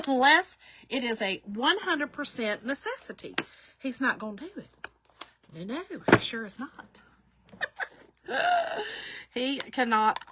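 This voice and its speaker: A woman's voice: fairly high pitch, noisy background. A middle-aged woman hosting a live craft demo, chatty and laughing often as she greets viewers by name. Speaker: craft livestream host.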